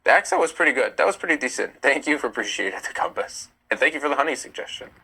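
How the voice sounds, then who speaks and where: A young man from the US runs a casual stream, animatedly reading viewer comments out loud and arguing his responses. He talks at a racing clip in a medium-pitched voice that is creaky and slightly rough, over poor audio.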